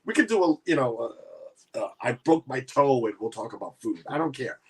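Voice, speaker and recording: A man's voice: mid-range voice, very animated, a little fast, a little mellow, slightly rough. A man hosting a casual livestream chat, rambling with many restarts. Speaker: livestream host.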